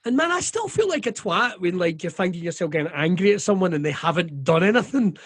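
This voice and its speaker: A man's voice: sits high, very animated, fast, no echo. A middle-aged Scottish comedian talking candidly in an interview, swearing freely and acting out the voices of people he quotes. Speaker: comedian guest.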